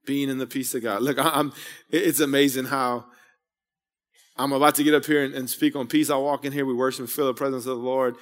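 A man's voice: medium pitch, little pitch movement, fast talker, big-room sound. A man in his thirties preaching a sermon, conversational and rambling, full of asides and rhetorical questions. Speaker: pastor. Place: church sanctuary.

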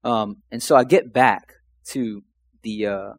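With a fairly low pitch and no room sound, a young man from Louisiana takes his time telling his faith testimony. It's casual personal storytelling, rambling and emotional, packed with "man" and "like."

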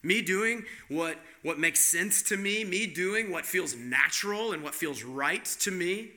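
A man's voice: high voice, lively intonation, a little slow, bright, forceful tone. A male pastor giving a conversational sermon, posing rhetorical questions to the congregation.

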